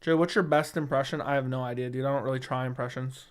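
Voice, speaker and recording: On a casual MMA livestream, a male host reads viewer comments and answers bluntly, swearing often and repeating himself. His mid-range voice holds a steady tone at a quick pace, picked up by a studio dynamic microphone.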